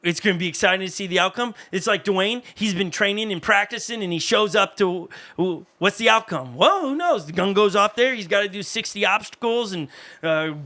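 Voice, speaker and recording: A man preaching a sermon as pastor, in a conversational, animated way with asides to the congregation. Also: sits high.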